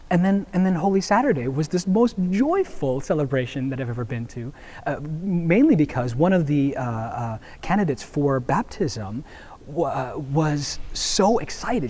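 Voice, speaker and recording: Man, young adult, deacon, somewhat high pitch, husky, earnest, casual storytelling. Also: a little mellow. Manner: earnest, storytelling with many fillers and restarts. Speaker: Jesuit deacon. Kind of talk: reflective video blog.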